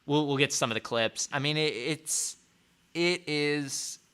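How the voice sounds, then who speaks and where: A man's voice: a little high, measured pace, a bit bright, clear, resonant tone. A man hosting a live show, commenting sarcastically on clips with many fillers and restarts. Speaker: host.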